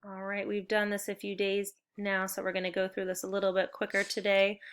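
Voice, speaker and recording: Bright and crisp at a mid-range pitch, a woman teaches young children to spell, talking a little fast in a completely flat delivery. She's still upbeat and encouraging, laying out each step clearly for the class.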